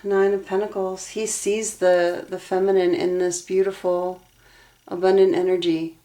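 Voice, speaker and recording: Low, flat-voiced woman reading tarot. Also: measured pace. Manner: earnest, emotionally invested, talks through cards aloud. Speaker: tarot reader.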